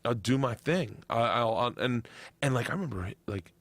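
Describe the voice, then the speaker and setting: A stand-up comedian man, rambling with excitement and swearing freely as a podcast guest. His voice sits at a middle pitch. It is recorded close and dry, with no room sound. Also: moderate pace, dry recording. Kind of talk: casual podcast chat.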